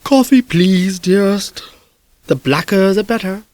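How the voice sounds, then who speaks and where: A man's voice: sits high, unhurried, darkish tone, dry recording, voice pushed up. A man reading an audiobook, voicing a sleepy, genteel doctor with a drawling manner.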